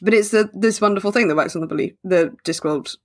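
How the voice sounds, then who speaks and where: A woman co-hosting a podcast, chatting casually, reading passages aloud and adding dry wordplay. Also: mid-range voice. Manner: dry wordplay, slows down for emphasis. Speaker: podcast co-host.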